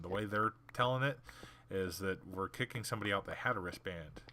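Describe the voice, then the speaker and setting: Male gaming host, casual storyteller. Low-ish, forceful voice, blunt and sarcastic, acts out the people in his stories. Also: a little fast, slight background noise. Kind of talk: casual storytelling while playing a game.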